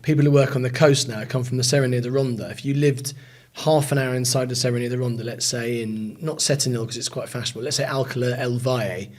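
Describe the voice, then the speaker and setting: A man's voice: mid-range voice, fairly even intonation, quick pace, few pauses, darkish tone. A man co-hosting a podcast, chatting casually and telling anecdotes. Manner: storytelling, chatty. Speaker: podcast co-host. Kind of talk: casual chat.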